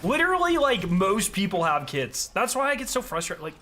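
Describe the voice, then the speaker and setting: A young man chatting casually on a gaming stream, ranting and swearing with animated energy. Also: sits high, fairly quick, slight background noise.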